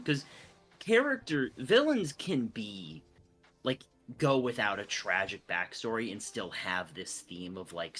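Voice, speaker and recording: A man's voice: mid-range voice, sharp tone. A young man co-hosting a podcast, chatting casually and critically, quoting the text and trailing off mid-thought. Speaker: podcast co-host. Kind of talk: casual chat.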